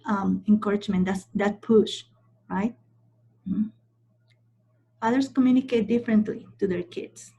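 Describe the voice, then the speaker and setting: A woman leads a training session in a mellow, slightly husky voice, leaning on each point and often pausing to ask "okay?". The sound is a little dull and lo-fi. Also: medium pitch. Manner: emphatic, repeats points and checks in with "okay?". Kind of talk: training lecture.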